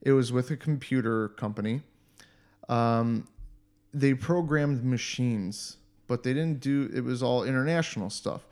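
A man's voice: mid-range voice, a little slow, darkish tone. A man in casual podcast chat, telling stories animatedly and swearing freely. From United States.

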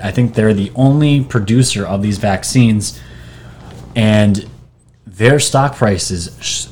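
A man with a fairly low voice talks through posts and articles he has pulled up on screen, in a loose, conversational way. He rambles, restarts sentences and drops fillers. A faint hiss of noise sits under the recording. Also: a little mellow. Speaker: video channel host. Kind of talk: casual commentary reading from screen. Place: New York.

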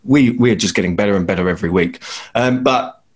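A man's voice: on the low side, fairly quick. A man hosting a podcast panel, wryly steering the conversation. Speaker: podcast host. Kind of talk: casual chat.

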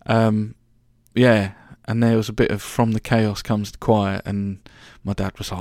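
A man's voice: fairly low pitch, fairly even intonation, normal speed, few pauses, darkish tone, dry recording, studio quality. A young man telling a rambling, sweary story about his travels as a podcast host. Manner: chatty, rambling, sweary, full of restarts. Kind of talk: casual storytelling monologue.

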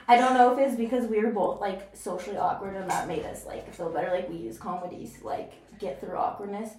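A woman's voice: medium pitch, fairly quick, darkish tone, far from the mic. A woman guest chatting casually on a podcast, giggly and swearing freely, with lots of "like" fillers. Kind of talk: casual chat. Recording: echoey room, voice off mic, faint noise.

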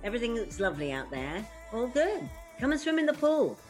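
A woman regular on a podcast panel, chatting in a relaxed, cheerful way over a video call. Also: on the high side, fairly quick, over music. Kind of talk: casual chat.

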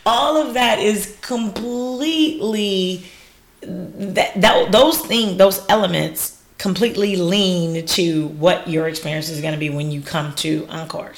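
A woman who runs wine classes, talking on a podcast in a lively, laughing, exclamatory way. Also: fairly low pitch, slow pace. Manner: animated, laughing, exclamatory storyteller. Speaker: wine educator and business owner. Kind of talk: casual podcast interview.

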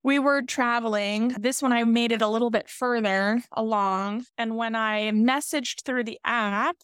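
A woman's voice: fairly high pitch, measured pace, clear, resonant tone, no room sound, studio quality. Candid woman telling her birth story. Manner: candid, emotional, animated quoting of others. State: pregnant. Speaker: podcast guest. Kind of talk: emotional personal storytelling.

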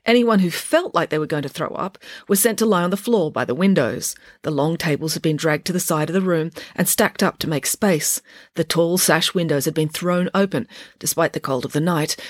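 A woman narrating a children's storybook with an expressive, playful reading. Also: fairly low pitch, normal speed, no room sound, studio quality. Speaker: audiobook narrator.

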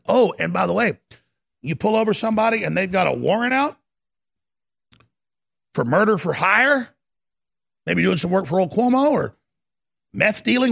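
Male talk host, gravelly husky voice, high and wildly swooping pitch, heated shouting rants. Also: very animated, normal speed, pauses often. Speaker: radio talk show host. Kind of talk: ranting political talk.

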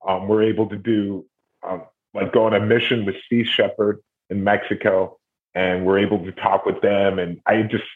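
A middle-aged man from Ohio, a documentary series host, telling stories in a rambling, animated way. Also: lowish voice, moderate pace. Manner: rambling, animated retelling with acted quotes. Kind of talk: casual interview conversation. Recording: tinny phone-like audio.

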